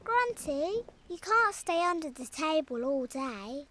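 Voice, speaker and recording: A woman voicing a cheerful, brave young girl in a children's cartoon, gentle and reassuring, with loud music behind her. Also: sits high, very animated, slow, background noise, full character voice. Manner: gentle, soothing, sings a chanting rhyme. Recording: music playing loudly behind.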